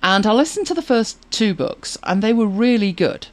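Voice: medium pitch, animated, normal speed. A podcast co-host chatting casually, rambling along with many fillers and restarts. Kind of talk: casual chat about audiobooks.

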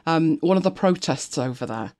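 Chatty sarcastic British woman, lively voice. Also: sits low, normal speed. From United Kingdom. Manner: chatty and sarcastic, laughs often, thinks aloud while reading. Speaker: co-host of a live stream. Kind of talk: casual chat.

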